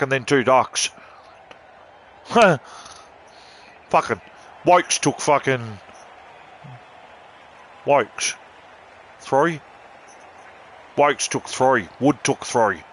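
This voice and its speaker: A man's voice: fairly high pitch, a bit bright, slight background noise. Cheeky, foul-mouthed man. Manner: profane, rambling, cheeky. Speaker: gaming commentator. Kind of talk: casual gaming commentary.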